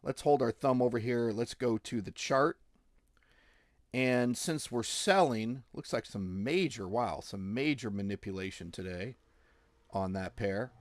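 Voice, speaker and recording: A man teaching forex trading live as he works through his screen. He talks in an excitable, boastful way, laughs often, swears casually and repeats phrases for emphasis. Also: medium pitch, unhurried, dry recording.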